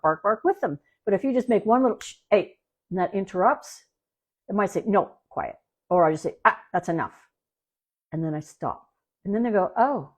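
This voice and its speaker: A woman dog trainer talks through listener questions in a relaxed podcast style. Her voice sits at a middle pitch, and she is plainspoken, hammering home key points by repeating them. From Canada. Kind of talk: casual podcast advice.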